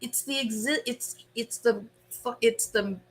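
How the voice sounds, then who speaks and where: A woman hosting a casual live stream, chatting with her viewers by name in an animated way and often laughing. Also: fairly high pitch, unhurried, vocal fry, slightly rough. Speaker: host.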